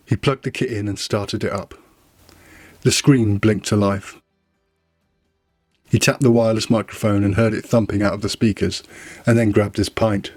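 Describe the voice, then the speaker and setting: A man's voice: on the low side, darkish tone, no echo. A man narrating a novella trailer with dry, wry storytelling. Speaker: audiobook narrator. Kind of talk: scripted narration.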